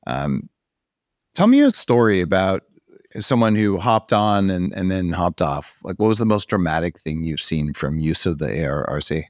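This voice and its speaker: Animated male podcast host, dry sound. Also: sits low, moderate pace, no echo. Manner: animated, emphatic when making a point. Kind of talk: conversational interview.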